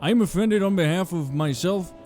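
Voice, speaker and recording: Pompous, indignant dad, mid-high and stiff, done by a male streamer. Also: brisk, a little mellow, faint music behind, natural voice. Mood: mock outrage. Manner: pompous, mock-offended. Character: indignant middle-aged father, stiff and formal.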